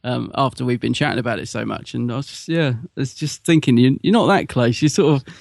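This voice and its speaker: A middle-aged man co-hosting a podcast, agreeable and quick to laugh in casual chat. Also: mid-range voice, vocal fry, darkish tone, dry recording, studio quality. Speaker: podcast co-host.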